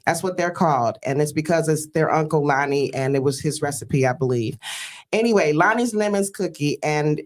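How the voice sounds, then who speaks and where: Host, woman from Detroit, fairly low voice, earnest storyteller, calls out praise. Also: animated, moderate pace. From Detroit, USA. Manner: earnest, storytelling, with frequent fillers; exclaims praise like a church greeting. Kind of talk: casual emotional talk-show hosting.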